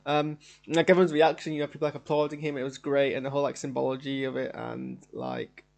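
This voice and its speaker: A man hosting a live reaction stream from a home studio, his voice sitting a bit on the high side. He talks in long, rambling runs, eager and enthusiastic throughout. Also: lively intonation, fast talker, creaky, darkish tone. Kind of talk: live casual show reaction.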